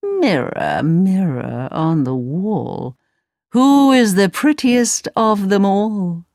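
A woman voicing a vain, wicked queen in a storybook reading, with slow, drawn-out lines. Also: mid-range voice, very animated, a little mellow, no echo, studio quality. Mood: coldly vain.

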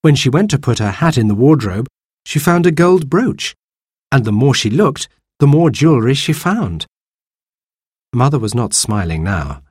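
Male storybook narrator, lively tone, husky, dry close sound. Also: mid-range voice, moderate pace, no echo. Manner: clear, expressive. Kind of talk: storybook reading.

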